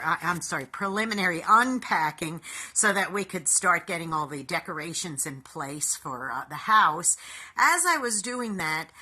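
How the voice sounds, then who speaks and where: A woman hosting a short inspirational video, talking in an upbeat, animated way and calling her viewers boys and girls. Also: mid-range voice. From New York.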